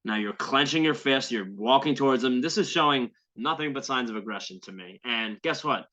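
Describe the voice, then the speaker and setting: A man's voice: medium pitch, fairly quick, bright, forceful tone. A man hosting a podcast, delivering heated, profane, sarcastic commentary on a viral video clip. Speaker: podcast host. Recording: dull lo-fi sound.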